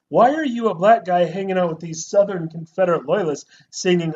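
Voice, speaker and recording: A man co-hosting a podcast in casual movie review chat, animated and mocking lines in put-on voices. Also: sits high, fairly quick, lo-fi sound. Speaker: podcast co-host.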